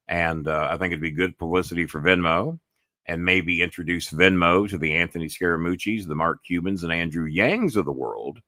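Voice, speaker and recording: A man hosts his own show and rambles through a story, full of "I said" asides and casual swearing. His voice sits low. The sound is dry and close, with no room around it. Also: sharp tone, no room sound. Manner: rambling, retells calls with many "I said" asides; frequent swearing. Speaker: podcast host.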